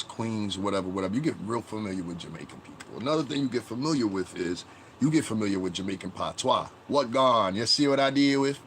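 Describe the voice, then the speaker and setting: Low-voiced man rambling on a livestream. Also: a little hiss or hum. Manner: rambling, conversational, greets chat viewers mid-talk. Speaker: livestream commentary host. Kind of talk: casual live-stream commentary.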